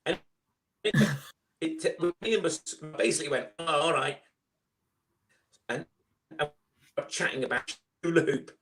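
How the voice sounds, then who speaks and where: A man, a guest on a live online chat, telling a story with lively acted-out dialogue over a video call. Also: a little high, normal speed, long pauses. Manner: animated storyteller, acts out dialogue.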